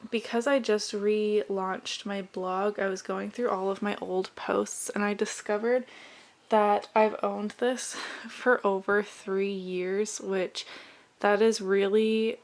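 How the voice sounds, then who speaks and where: A woman's voice: mid-range voice, fairly even intonation, slow pace. A young woman vlogger chatting casually as she goes through her makeup, rambling and friendly. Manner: chatty, rambling product commentary. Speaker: beauty vlogger. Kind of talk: casual makeup declutter chat.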